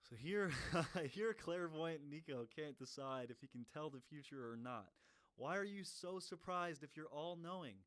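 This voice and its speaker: A man tears into video clips with profane, mocking commentary. His voice sits a little high for a man and sounds close and dry, with no room around it. He keeps up a biting, scornful tone. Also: lively intonation, normal speed, a bit bright, clear, resonant tone, no echo. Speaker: commentary streamer. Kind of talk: reaction commentary.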